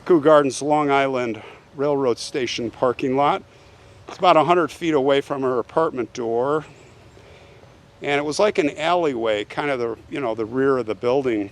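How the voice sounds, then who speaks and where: A man with a medium-pitched voice hosts a show where he retells a true crime case. As a true crime storyteller, he keeps things casual and conversational, often checking in with the listener by asking "right?"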